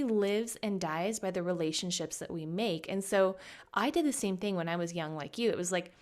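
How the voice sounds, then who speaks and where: A woman's voice: lowish voice, normal speed. A woman hosting a podcast, talking emphatically and with animation in a conversational interview. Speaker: podcast host.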